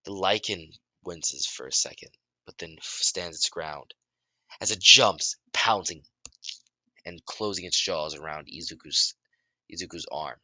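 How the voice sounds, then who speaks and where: A man improvising a fan story in halting narration, often restarting his sentences and shouting out the characters' lines. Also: sits low, dry recording. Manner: halting, many restarts and self-corrections; bursts into loud shouts for dialogue.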